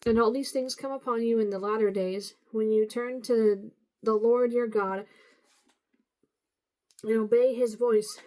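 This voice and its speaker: Woman reading the bible out loud, kinda high voice but warm, trips on words and fixes them. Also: low-quality recording. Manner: steady reading with occasional slips and self-corrections. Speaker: Bible reader. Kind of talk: unscripted Bible reading aloud.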